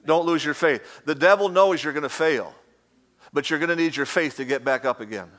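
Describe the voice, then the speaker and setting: High-pitched guy preaching hard, repeats himself a lot, cracks jokes in between. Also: expressive, brisk, a bit bright. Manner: emphatic preaching with repetition and humorous asides. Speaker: pastor. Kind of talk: sermon.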